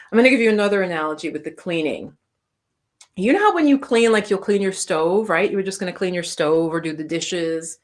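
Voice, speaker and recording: A woman meditation teacher hosts a casual live-stream Q&A. Her voice sits a little low, and she rambles through homely examples while answering the chat. Now and then she slips down to a near-whisper. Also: expressive, fairly quick. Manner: chatty, explains with homely analogies, talks to the chat.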